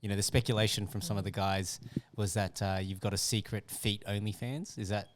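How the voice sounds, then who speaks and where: Relaxed man hosting a podcast. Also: fairly low pitch, fairly quick, background noise. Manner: relaxed, teasing, backchannels often. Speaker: podcast host. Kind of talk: casual interview chat.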